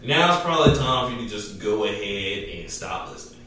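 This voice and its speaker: A man's voice: on the low side, lively intonation, fairly quick, bright, forceful tone. A man co-hosting a podcast in laid-back, easy-laughing banter, recorded in a small studio. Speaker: podcast co-host. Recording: echoey, distant mic with faint noise.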